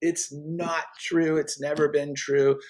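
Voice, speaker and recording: A man's voice: on the high side, little pitch movement, darkish tone. A man, a guest speaker, giving a conversational faith teaching in an earnest, emphatic way, often restarting his sentences. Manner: earnest and emphatic, with frequent restarts and quick laughs.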